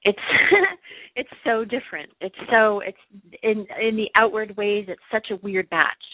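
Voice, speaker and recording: A woman talking through personal feelings in a coaching session, halting and restarting often. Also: medium pitch, no echo. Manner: halting, hesitant, many restarts. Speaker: client. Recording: dry tinny phone-like line.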